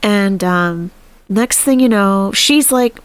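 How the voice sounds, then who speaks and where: A woman's voice: mid-range voice, takes it slowly, clear, resonant tone, dry recording. A woman hosting a live stream, chatting casually and animatedly, laughing often and thanking viewers.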